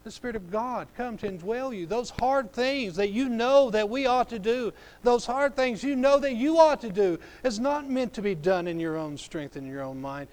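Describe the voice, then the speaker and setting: A male pastor preaches a sermon, swinging between loud, emphatic lines and hushed, drawn-out phrases. He acts out scripture dialogue in a lowered voice, and a little hiss or hum sits under the recording.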